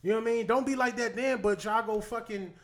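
A man's voice: extremely high pitch, fast, fairly bright tone. A man in casual podcast chat, arguing his point with profanity and rhetorical questions.

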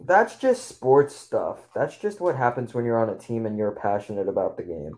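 A man's voice: on the low side, lively intonation, moderate pace, darkish tone, rough recording. A man co-hosting a casual sports podcast who gives blunt, short replies and opinions. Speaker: podcast co-host.

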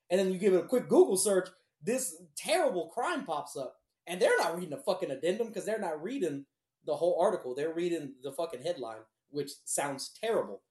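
Man, higher-pitched, swears constantly as he rambles through a story; echoey room. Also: animated, brisk, darkish tone. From Houston, Texas. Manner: profane, blunt, rambling. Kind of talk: casual storytelling.

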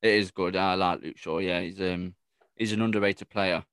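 Casual podcast host, man, lower voice, friendly banter. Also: steady tone, moderate pace, fairly bright tone, clean tone, no echo. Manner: chatty, matey, says "mate" often. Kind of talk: casual chat.

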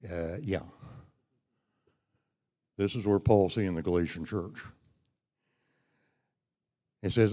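A man's voice: sits low, slow pace, long pauses, mellow. A middle-aged man preaching a sermon, folksy and conversational, rising to emphatic when he reads scripture. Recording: long hall reverb.

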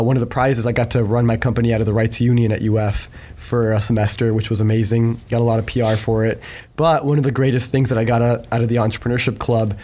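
A man in his twenties, a podcast guest, telling his story in a relaxed way with lots of fillers. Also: mid-range voice. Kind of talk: casual chat.

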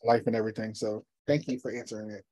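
A man's voice: lowish voice, level tone, quick pace, mellow. A man hosting an interview, asking long, loose questions peppered with "you know" and addressing his audience. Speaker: host. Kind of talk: conversational interview.

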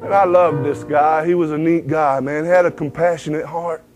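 A man with a drawl tells his testimony from the pulpit in a folksy storytelling way, his voice sitting quite high for a man. Now and then he slips into lines of an old hymn, and soft instrumental music plays faintly underneath. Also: fairly even intonation, normal speed, rough recording. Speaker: preacher giving his testimony. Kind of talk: testimony sermon.

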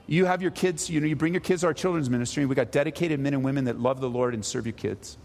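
A man, the pastor, preaching a sermon to his congregation in a conversational way, dropping low for asides and rising for exhortation. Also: quick pace, few pauses, darkish tone, in a large hall. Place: church sanctuary.

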